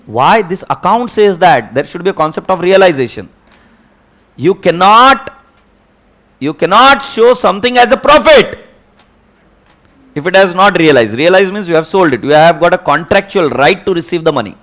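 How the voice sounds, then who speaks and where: Animated Indian man teaching accounting. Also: high voice, normal speed. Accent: Indian English. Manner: animated, keeps checking students follow, mixes in Hindi. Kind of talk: classroom lecture.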